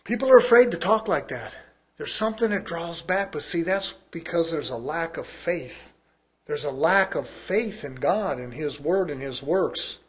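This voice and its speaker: A man preaching a sermon, reading scripture slowly and loudly, then dropping to quiet asides with chuckles. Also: on the high side, animated. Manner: reads scripture in slow, drawn-out emphasis.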